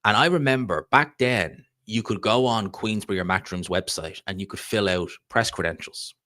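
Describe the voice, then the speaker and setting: Low-voiced Dublin Irish man chatting. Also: moderate pace, bright, forceful tone, dry recording, studio quality. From Ireland. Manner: rambling, chatty, reads viewer comments aloud. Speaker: live stream host. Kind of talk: casual live-stream chat about boxing.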